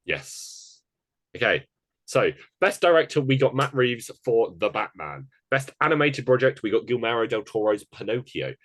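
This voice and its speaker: A man's voice: medium pitch, lively intonation, fairly bright tone, no room sound. A man co-hosting a casual podcast chat, rattling off a list of award picks. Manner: chatty, running through award picks in quick lists. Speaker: podcast co-host.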